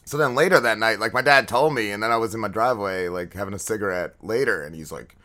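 A man's voice: on the low side, fast talker, bright, forceful tone. Podcast guy ranting through a story, cussing a lot, doing the other people's voices, fed up. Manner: profane, exasperated storyteller acting out quotes. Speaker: podcast host. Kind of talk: casual storytelling chat.

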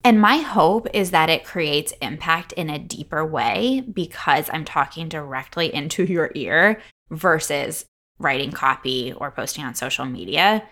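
A woman with a lower voice than most hosts her own podcast alone. She talks in a chatty, upbeat way, reels off lists, and laughs easily while sharing her feelings openly. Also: expressive, a little slow, fairly bright tone. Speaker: podcast host. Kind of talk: solo podcast monologue.

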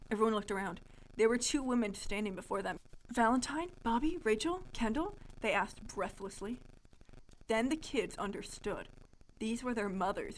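A woman's voice: fairly high pitch, low-quality recording. A young adult woman co-hosting a podcast, reading a childhood story aloud in a playful, amused way. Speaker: podcast co-host.

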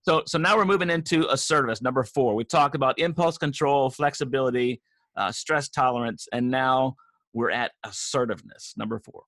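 A man's voice: medium pitch, a little fast, a bit bright, no room sound. A man hosting a casual talk show, joking and enthusiastic, teasing his co-host. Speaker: podcast host. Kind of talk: casual banter.

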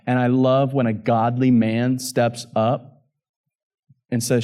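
A man's voice: mid-range voice, level tone, takes it slowly, pauses often, clear, resonant tone, lo-fi sound. A man preaching a sermon as pastor, reading scripture with rising passion and emphatic peaks.

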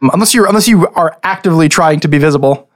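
A man running a tabletop game as game master, describing scenes with frequent pauses and restarts. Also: a little high. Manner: hesitant, with many restarts while describing scenes.

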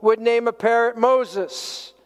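A man's voice: very high voice, fairly even intonation, slow pace, clear, resonant tone, big-room sound, voice pushed up. A man voicing a rattled male burglar who stammers and scoffs, during a sermon.

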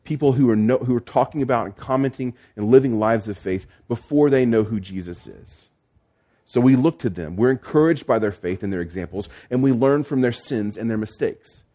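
A man's voice: medium pitch, a little fast, dark tone. A man preaching a sermon as pastor, explaining the text step by step with frequent restarts and fillers.

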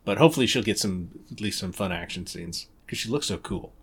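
A man in his forties hosts a casual comics podcast. His pitch swings widely as he talks, and he laughs and swears easily. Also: expressive, a little fast, breathy edge. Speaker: podcast host. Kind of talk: casual chat.

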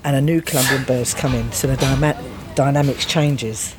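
A woman telling a prison story in casual chat, animated and swearing, often laughing and jumping high in pitch when she acts out what was said. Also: normal speed, loud music behind the voice. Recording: noisy background.

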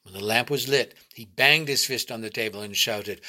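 Guy reading a short story out loud, bright voice, low even narration. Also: moderate pace. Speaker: reader.

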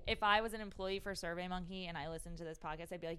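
A woman's voice: fairly low pitch, steady tone, racing, bright, forceful tone, a little hiss or hum. A young woman co-hosting a casual podcast, blunt and joking, with short reactions to her partner. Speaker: podcast co-host.

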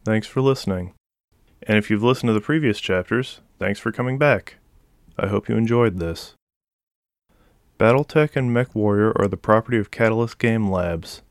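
Male narrator, lowish voice, steady audiobook reading. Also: moderate pace.

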